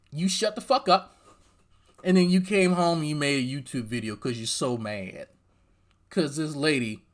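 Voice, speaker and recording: A man hosting reaction commentary, swearing and mocking as he talks straight at the person in the clip. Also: fairly high pitch. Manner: profane, mocking, talks straight at the clip's subject. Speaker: commentary channel host.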